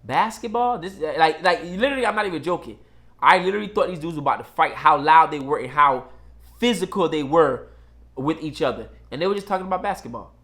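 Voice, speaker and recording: Blunt, emphatic male commentator, slightly higher voice, casual monologue. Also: expressive, fairly quick, a bit bright.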